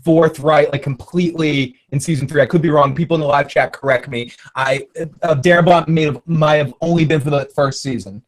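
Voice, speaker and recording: Host guy, bit high voice, casual stream chat, lots of uhs. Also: fairly even intonation, brisk. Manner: hesitant, full of fillers. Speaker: podcast host.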